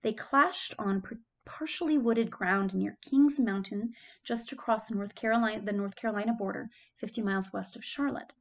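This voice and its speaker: A woman's voice: mid-range voice, normal speed, dull audio. A woman giving a chatty classroom history lecture, correcting herself and adding asides. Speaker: history teacher.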